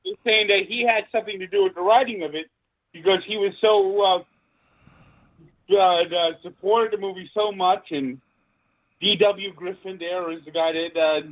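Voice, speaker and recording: A male talk show guest speaking in a halting way, with many fillers. His voice sits a little high. It comes through a tinny phone line. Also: fairly even intonation. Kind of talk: call-in talk show chat.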